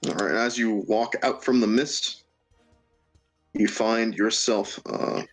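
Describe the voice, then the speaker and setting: A man narrating as game master of a tabletop game, halting, with many fillers and restarts, often laughing. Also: lowish voice, steady tone, soft background music.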